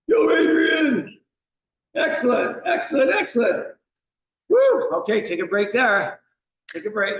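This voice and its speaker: Male fitness instructor, encouraging, counts reps; high voice, distant mic in a very echoey room. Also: a bit bright. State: slight cough. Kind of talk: coaching an exercise class.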